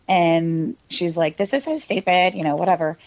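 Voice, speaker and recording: A woman's voice: on the low side, animated, normal speed, dry recording. Rambling woman telling a spooky story. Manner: rambling, filler-heavy, laughing; mimics her younger self and cousin in quoted lines. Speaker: podcast guest. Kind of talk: casual storytelling. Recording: dull, lo-fi, dry sound.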